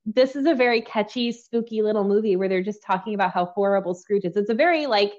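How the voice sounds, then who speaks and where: A woman's voice: mid-range voice, fast, darkish tone, highs cut off. A woman co-hosting a podcast, chatting casually and rambling with frequent giggles. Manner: giggly, rambling, playfully quotes scenes. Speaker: podcast co-host. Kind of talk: casual chat.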